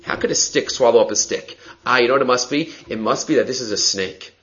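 A man teaching a daily Talmud class, reading lines aloud and explaining them with lively rhetorical questions and frequent restarts. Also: medium pitch, fast, dull audio.

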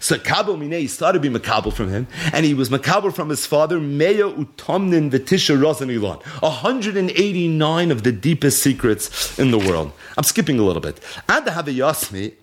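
A man's voice: on the high side, big pitch swings, normal speed. A man giving a Torah lesson, reading Aramaic source lines and retelling them as a story, half-chanting the text. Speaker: Torah teacher. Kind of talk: Talmud and Zohar lecture, reading Aramaic and translating.

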